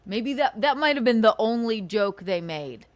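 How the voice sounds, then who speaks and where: A woman's voice: fairly high pitch, lively intonation, moderate pace. A woman hosting a livestream, ranting sarcastically and profanely, scolding her critics between bursts of laughter. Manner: indignant, scolding. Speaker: livestream host.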